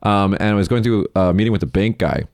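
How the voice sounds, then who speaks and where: A man hosting a casual podcast chat, a rambling, animated storyteller who acts out what others said. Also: on the low side, quick pace, dry recording, clean studio sound. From United States. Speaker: podcast host, company CEO.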